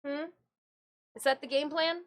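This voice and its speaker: A woman's voice: sits high, fairly even intonation, measured pace. A woman from Michigan chatting casually on a live stream, greeting viewers and talking to her cats.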